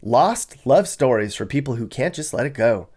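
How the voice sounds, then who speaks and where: A man's voice: mid-range voice, expressive, normal speed, darkish tone. A young man giving casual, sarcastic commentary on a series of maps, chuckling as he goes. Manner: wry, sarcastic, chuckles often. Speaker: vlogger.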